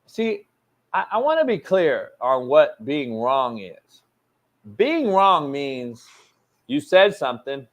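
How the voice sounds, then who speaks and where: A sports talk show host, a man, ranting loudly and with plenty of profanity as he defends his opinions. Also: mid-range voice. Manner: loud, profane, emphatic and combative. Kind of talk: heated sports radio rant.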